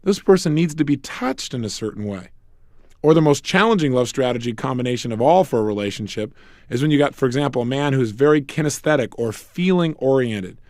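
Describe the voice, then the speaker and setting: A man's voice: mid-range voice, lively intonation, fairly quick, a little mellow, no echo, studio quality. A middle-aged man giving a motivational self-help lecture, emphatic, asking rhetorical questions and acting out bits of dialogue.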